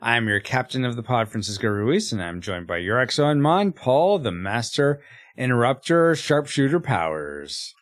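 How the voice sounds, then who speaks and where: A man hosting a casual podcast, playful and quick to laugh. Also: mid-range voice, very animated, no echo, clean studio sound. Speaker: podcast host.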